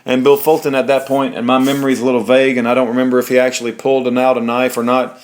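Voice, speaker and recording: Man, reading aloud, court documents, plain delivery, stumbles and restarts, middle pitch. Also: level tone, very fast.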